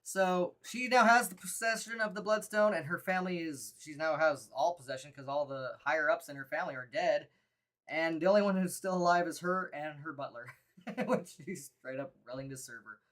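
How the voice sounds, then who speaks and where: A woman's voice: low voice, fairly quick, fairly bright tone. A woman co-hosting a live horror movie review, chatting casually and laughing often between rambling remarks.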